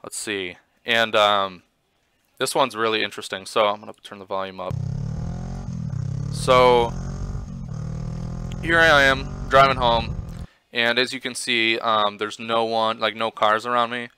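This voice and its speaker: A man casually commenting on his own motorcycle footage, rambling with lots of fillers and getting excited as he retells it. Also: medium pitch, unhurried, long pauses, background noise. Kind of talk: casual commentary over video.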